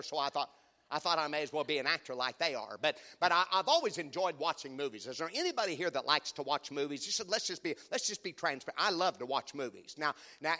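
A male pastor preaching with animated, call-and-response storytelling. His voice is high, bright and swoops all over. The sound carries the long reverb of a church sanctuary. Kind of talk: sermon.

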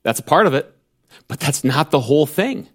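A man's voice: on the high side, big pitch swings, moderate pace. A man preaching a sermon, emphatic and direct, with rhetorical questions and wry asides.

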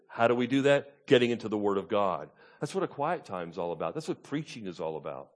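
A pastor, preaching a conversational Bible-teaching sermon and often checking in with the congregation with "Okay?" and "Amen?". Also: male voice, lowish voice, lively intonation, a little fast, hardly any pauses.

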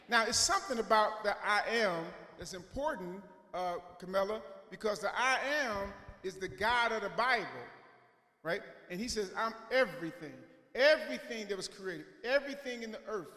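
A man's voice: high voice, sharp tone. A male pastor preaching a sermon in a conversational way, often checking in with "right?" as he retells the story. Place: church sanctuary. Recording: echoey hall reverb.

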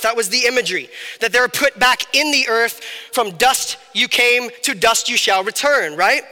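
Male pastor preaching, very high voice, sharp bright tone, casual storytelling delivery, long hall reverb. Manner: conversational, acts out biblical characters. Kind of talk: sermon.

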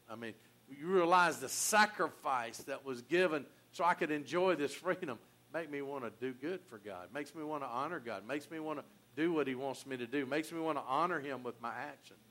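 An older man preaching a sermon in an earnest, folksy way, often restarting his sentences and swinging from quiet to loud. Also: on the high side. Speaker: pastor.

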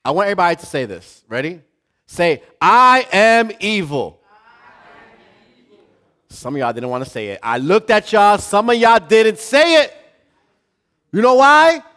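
A male pastor preaching a sermon to a live congregation, building from quiet talk to shouting. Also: sits high, expressive, moderate pace.

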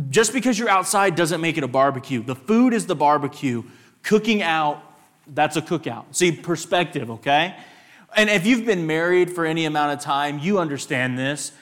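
A young man with a West Texas twang speaks as a guest at a church service, his voice pitched a touch high. He tells animated personal stories and stops to ask the audience questions.

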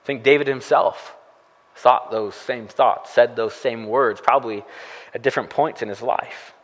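A man's voice: medium pitch, fairly even intonation, moderate pace, long reverb tail, low-quality recording. A man preaching a sermon as a pastor, talking conversationally and asking the listeners frequent rhetorical questions.

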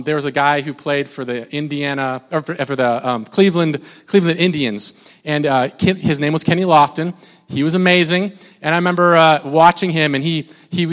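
Pastor, male, somewhat high voice, chatty sermon style, big reverberant hall. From Minnesota. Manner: conversational, repeats words, mimics shouting.

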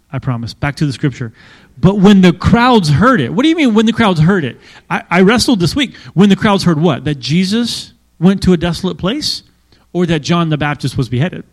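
A male pastor, his voice a little high, preaches a sermon in a conversational, animated style. He fills it with asides and questions for the congregation.

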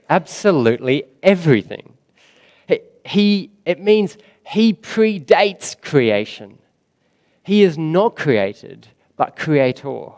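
A man preaching a sermon in a church, slow and emphatic, with dramatic rises and quiet drops. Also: on the high side. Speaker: pastor.

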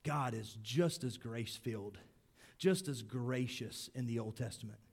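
A man preaching a sermon as pastor, swinging between loud emphasis and hushed, low lines. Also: unhurried, gravelly, husky. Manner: acts out grumbling crowd voices in quotes.

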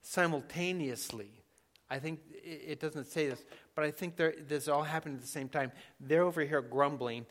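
A man preaching a sermon in a conversational, emphatic way, dropping to soft asides now and then. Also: a little high, normal speed. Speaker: pastor.

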